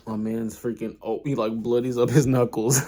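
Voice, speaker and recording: A young man retells a story in a relaxed, rambling way, stacking restarts and street slang. His voice sits at an ordinary pitch for a man. He keeps it conversational and animated. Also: moderate pace. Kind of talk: casual retelling of an anime.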